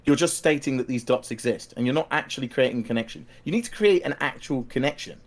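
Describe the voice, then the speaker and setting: A podcast host in a heated debate, forcefully pushing back and repeating himself to hold the floor. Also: male voice, medium pitch, animated, fast.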